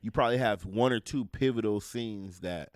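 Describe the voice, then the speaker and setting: A man with a very low voice co-hosts a casual podcast about films. He rambles, swears freely and stalls while he hunts for names. The room sounds dry and close. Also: moderate pace, no room sound. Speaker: podcast co-host. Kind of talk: casual movie chat.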